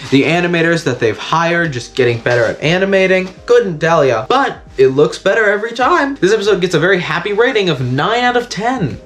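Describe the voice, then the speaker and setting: A man giving a frank, chatty video review with lots of swearing. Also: medium pitch. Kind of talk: casual video review commentary.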